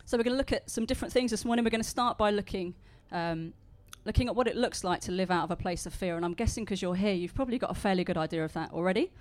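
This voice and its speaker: A woman's voice: mid-range voice, very fast, hardly any pauses. A woman with a London accent preaching a chatty sermon and reading a story aloud to the congregation, with frequent "uh" and "um". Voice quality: conversational, warm storytelling delivery with filler words.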